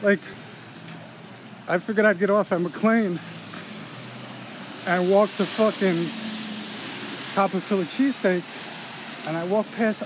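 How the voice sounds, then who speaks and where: A man telling a rambling, swear-filled story in a casual vlog, excited and in disbelief, filmed on a handheld phone out on a street. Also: high voice, measured pace, long pauses. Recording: noisy street background.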